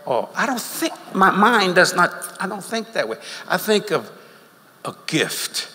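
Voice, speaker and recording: Animated preacher in a big hall. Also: male voice, sits high, unhurried. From Louisiana, USA. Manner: folksy, animated, laughing between lines. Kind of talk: sermon. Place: large church auditorium. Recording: long hall reverb with faint crowd ambience.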